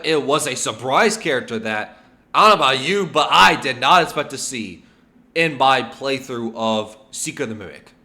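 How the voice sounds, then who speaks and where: A man hosting a casual video game lore video, animated and full of rhetorical questions and filler ums. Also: medium pitch. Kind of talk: casual lore theorizing to camera.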